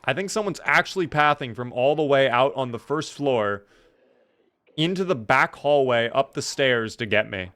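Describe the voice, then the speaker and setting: A man's voice: medium pitch, lively intonation, normal speed, fairly bright tone. A man streaming a game live, chatting playfully with his viewers and thanking them as he plays. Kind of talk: live gameplay commentary.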